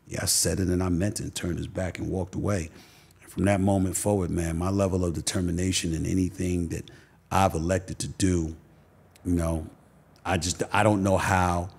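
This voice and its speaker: A man's voice: sits low, creaky, darkish tone, slightly rough. A middle-aged man, a podcast guest telling candid personal stories emphatically and repeating phrases for stress. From Queens, New York.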